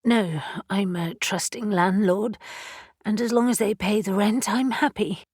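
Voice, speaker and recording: A woman's voice: mid-range voice, a little slow, a little mellow, slightly rough, no echo. A shaken but determined middle-aged woman speaking in a tense, shaken way, voiced by a woman reading an audiobook. The sound is dry and close.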